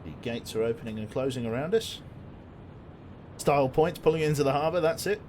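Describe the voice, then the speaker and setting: A man's voice: mid-range voice, lively intonation, brisk, a little mellow, slight background noise. A man giving casual, jokey commentary while streaming a game, chatting with viewers and swearing now and then.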